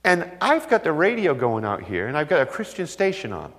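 A man preaching a sermon, telling stories with lively delivery and acting out the voices of the people in them. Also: a little high, brisk. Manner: animated storytelling, acts out voices. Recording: long hall reverb.

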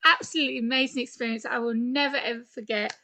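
A woman's voice: a little high, quick pace. Chatty woman hosting a podcast. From England. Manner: chatty, animated, laughs often. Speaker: podcast host. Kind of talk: casual interview chat.

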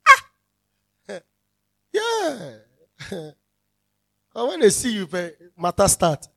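A man's voice: high-pitched, huge pitch swings, very slow, vocal fry, sharp tone. A male pastor preaching a sermon, emphatic and repeating his key phrases as he calls out to the congregation.

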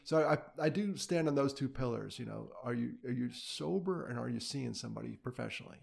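Middle-aged male guest, gravelly, candid, self-deprecating advocate. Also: medium pitch, animated, brisk. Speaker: mental health advocate and speaker. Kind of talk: casual interview conversation.

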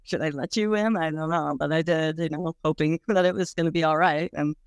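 Woman, interviewee, candid, casual, blunt, smooth clear voice, dry close sound. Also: sits low, fairly even intonation, fairly quick, no echo. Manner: frank, casual, many "like"s, swears bluntly. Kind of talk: candid personal recollection.

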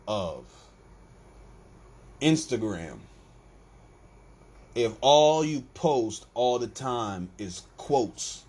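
A podcast host, male, with a mid-range voice and a bit of background noise behind him. His comedy monologue is loose and meandering, told with animated storytelling and character voices.

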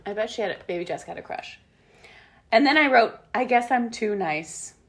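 A woman's voice: medium pitch, animated, fairly quick. A woman in her late thirties hosting a casual chat, reading old diary entries aloud, giggling and spelling words out. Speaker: podcast host.

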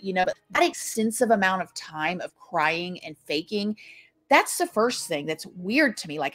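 A woman's voice: mid-range voice, a bit bright. A woman hosting a true crime commentary, speaking emphatically and indignantly. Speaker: true crime channel host.

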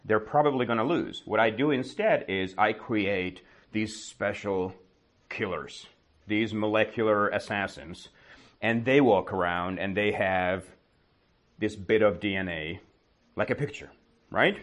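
A man with a slightly low voice tells a lesson as a casual story. He keeps asking himself questions and answering them, tacking "right?" onto his points. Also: a little slow. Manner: animated, asks and answers his own questions, often adds "right?". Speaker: teacher.

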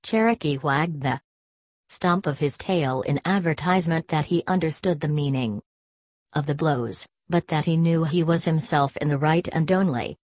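A woman narrating a novel aloud in a steady, measured reading. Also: low voice, no room sound. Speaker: audiobook narrator. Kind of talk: scripted narration.

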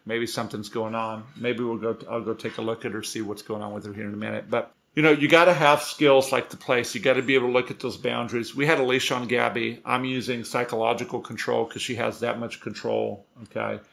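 A man's voice: mid-range voice, fairly quick, creaky, few pauses. A man working as a dog trainer, giving casual, conversational tips with frequent restarts. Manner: relaxed, conversational, many restarts. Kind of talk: casual instructional talk.

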